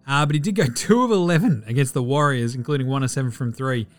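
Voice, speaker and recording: With an Australian accent and soft music behind him, a podcast host talks fast at a medium pitch through a casual sports show. He swears freely, jokes his way through player stats, and does impressions of players in asides.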